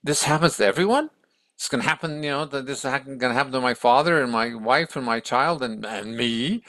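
A man's voice: medium pitch, expressive, brisk, a bit bright, no echo. A man voicing a sheltered young prince who asks raised, astonished questions while retelling a story. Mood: shocked.

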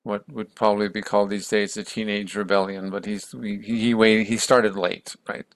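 A man's voice: on the low side, little pitch movement, normal speed, dry recording. A man casually retelling a story in a conversational way, with many restarts and acted-out quotes.

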